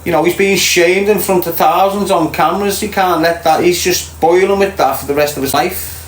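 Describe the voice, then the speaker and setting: A man's voice: sits high, steady tone, normal speed, a little hiss or hum. A middle-aged man with a Liverpool accent hosts a casual livestream, reading viewers' comments and talking bluntly, swearing freely. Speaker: livestream host. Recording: echoey room, faint ambience.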